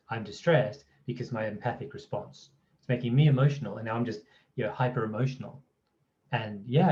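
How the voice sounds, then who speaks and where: Aussie guy teaching, mellow voice, chatty, a bit lo-fi. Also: mid-range voice. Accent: Australian. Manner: conversational, frequent "right?" and "you know". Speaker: presenter of a training course. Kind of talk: explanatory talk to camera.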